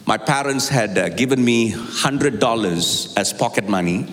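A man preaching a sermon, telling a personal story and moving from quiet, confiding passages to high, impassioned climbs. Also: lively intonation, a little slow. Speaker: pastor. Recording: long hall reverb.

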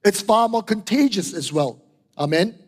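Middle-aged man, high-voiced emphatic preacher, long hall echo. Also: lively intonation, moderate pace. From Singapore. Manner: emphatic, repeats key phrases, asks "right?" and "okay?". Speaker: pastor. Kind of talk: sermon. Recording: hall reverb.

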